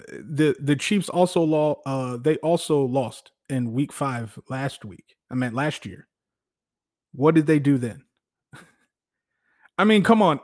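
A man hosting a casual sports talk show, animated, laughing often and restarting his sentences. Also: on the high side. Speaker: podcast host.

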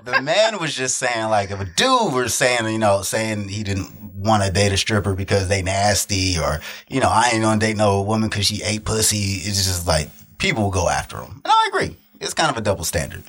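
A man's voice: on the low side, very animated, normal speed, hardly any pauses, a bit bright. A man co-hosting a podcast, talking in a laid-back, teasing way. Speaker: podcast co-host. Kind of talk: casual podcast banter.

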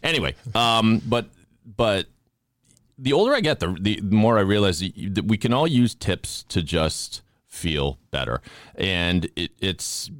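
Deep-voiced man in his fifties, podcast host, jokey rambler, dry close mic. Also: animated, measured pace, fairly bright tone, no echo. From Boston area. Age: 50s. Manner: rambling, self-deprecating, jokey with restarts. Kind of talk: casual interview chat.

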